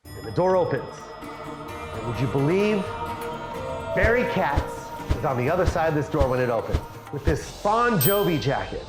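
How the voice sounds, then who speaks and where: A middle-aged male comedian tells a story with big swings in his high, lively voice. He acts out each voice and curses freely. The room is echoey, with faint music underneath. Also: moderate pace. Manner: animated, acts out every voice, swears freely. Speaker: stand-up comedian. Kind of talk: comic storytelling for an animated short. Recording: roomy echo with faint music.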